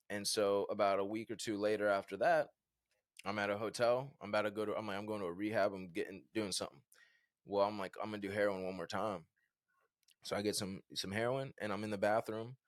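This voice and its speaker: A man in his thirties from Virginia, a podcast guest telling a personal story in an animated, casual way with lots of fillers. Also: fairly low pitch, dry recording, clean studio sound. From Virginia, USA. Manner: animated, conversational, many fillers like "like" and "bro".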